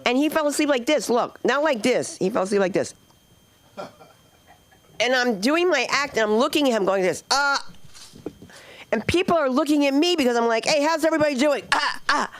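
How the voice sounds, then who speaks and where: A woman's voice: fairly high pitch, animated, brisk. Brash rambling woman hosting a comedy night. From New Jersey. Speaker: comedy club host. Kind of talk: live stand-up hosting, chatting with the crowd. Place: comedy club stage.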